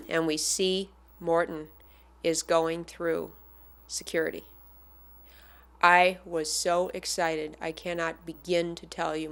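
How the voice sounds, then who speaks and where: A woman casually telling a personal anecdote as a fan, animated and acting out the people she quotes. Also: sits low, creaky. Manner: animated, acts out the voices of the people in her story.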